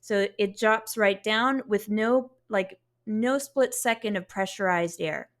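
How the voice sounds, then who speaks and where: A woman's voice: mid-range voice, slow pace. A woman teaching a beginner saxophone lesson, explaining patiently step by step and sounding out syllables to demonstrate.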